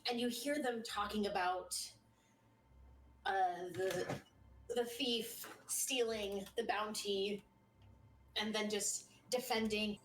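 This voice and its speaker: A woman's voice: mid-range voice, steady tone, slow, long pauses, noisy background. A woman narrating as game master of a tabletop game, describing scenes and restarting phrases as she goes. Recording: echoey room, distant from the mic.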